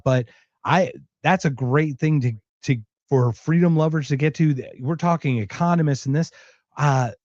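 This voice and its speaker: Podcast host, male, from Philadelphia; talkative and excitable, dry slightly muffled sound. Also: on the high side, dry recording. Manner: energetic, chatty, excitable. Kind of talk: casual interview chat.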